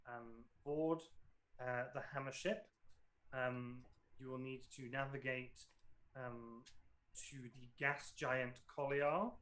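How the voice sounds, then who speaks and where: A man's voice: mid-range voice, fairly bright tone, low-quality recording. A man running a tabletop role-playing game as game master, narrating the scene hesitantly with many ums and self-corrections.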